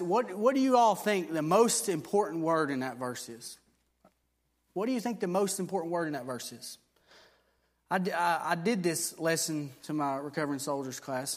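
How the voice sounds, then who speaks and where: A man with a fairly high voice preaches a sermon, teaching in a conversational way full of fillers and restarts. He then builds toward emphatic, repeated declarations.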